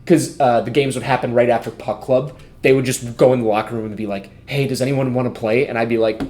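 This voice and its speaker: A man's voice: medium pitch, steady tone, quick pace, darkish tone. A man telling a story on a podcast with friends, loose and rambling. He leans on filler words and swears freely, in a mid-range voice. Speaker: podcast co-host. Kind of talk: casual storytelling among friends.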